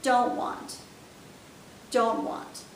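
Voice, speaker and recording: Slow, patient woman teaching signs. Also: fairly even intonation, creaky. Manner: patient, demonstrative, repeats each word slowly. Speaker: sign language teacher. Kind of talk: step-by-step instructional lesson. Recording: echoey room, mic at a distance, faint rumble.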